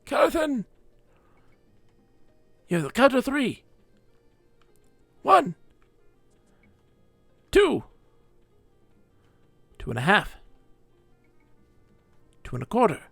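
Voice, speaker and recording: A man's voice: very high-pitched, huge pitch swings, drawn-out words, creaky, long pauses, a bit bright, no echo, soft background music, voice pushed up, heavily acted. A man voicing a melodramatic, doting middle-aged mother who scolds in a theatrical, overwrought way. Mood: calling, scolding.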